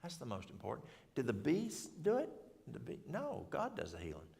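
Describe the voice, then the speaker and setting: A man's voice: mid-range voice, huge pitch swings, moderate pace, gravelly, a little mellow. A middle-aged man giving an informal health talk at a church, rambling in a folksy way and correcting himself as he goes. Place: church hall. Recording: long hall reverb.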